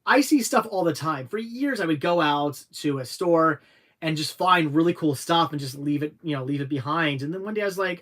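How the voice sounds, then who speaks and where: A young adult man hosting a casual livestream, reading viewer questions aloud and answering in a halting, rambling way. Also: fairly high pitch, fairly bright tone. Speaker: livestream host answering chat.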